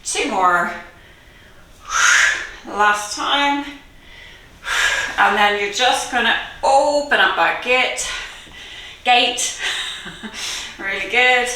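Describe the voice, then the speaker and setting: Bright-voiced woman fitness instructor, echoey room. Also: a little high, very slow, pauses often. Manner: encouraging, counts reps aloud, laughs often. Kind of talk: guided workout instruction. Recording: very echoey room, mic far off.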